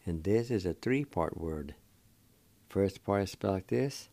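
In a dry recording, a middle-aged man with a deep, expressive, mellow voice leads a slow radio language lesson. He patiently spells and pronounces words, repeating them slowly and deliberately.

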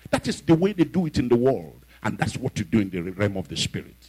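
A man preaching a fiery sermon, shouting and hammering his points home with repetition. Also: on the low side, sing-song, quick pace, breathy edge, low-quality recording.

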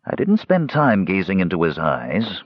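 A man voicing a cool, guarded male mage who speaks in clipped, measured replies in an audiobook. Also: sits low, wildly swooping pitch, no room sound, muffled recording, exaggerated voice.

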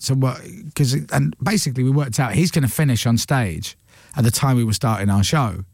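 Man, radio host, animated storyteller, middle pitch, dry studio sound. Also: no room sound. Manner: chatty storyteller, quick and animated. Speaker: radio breakfast show host. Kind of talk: casual studio chat. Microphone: studio microphone.

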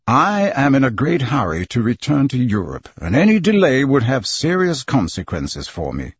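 A man voicing a cold, very polite and unflappable English gentleman in an audiobook reading. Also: mid-range voice, wildly swooping pitch, moderate pace, breathy edge, dry recording, lo-fi sound. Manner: cold and precise.

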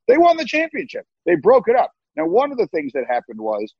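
Husky-voiced man on a dull remote line. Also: sits high, huge pitch swings, quick pace, dry recording. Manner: emphatic, repeats words when starting sentences. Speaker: guest. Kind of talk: animated storytelling. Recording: dull lo-fi, dry.

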